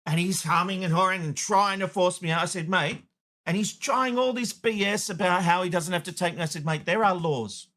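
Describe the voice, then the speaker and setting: A man's voice: sits high, a little fast, fairly bright tone. A middle-aged Australian man hosting a TV show, delivering a blunt opinion rant and telling a story with acted-out dialogue. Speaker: TV host.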